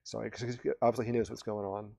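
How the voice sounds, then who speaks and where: A man's voice: fairly low pitch, level tone, fast talker, creaky, mellow, slightly rough, no room sound. A man recapping TV episodes on a podcast in a casual, rambling way, with many restarts and fillers. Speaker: podcast co-host.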